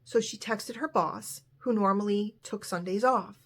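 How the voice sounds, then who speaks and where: A woman's voice: mid-range voice, a little slow, a bit bright. A woman telling a true story in a casual narrating voice, now and then briefly voicing the people in it. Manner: retells dialogue with light voicing of characters.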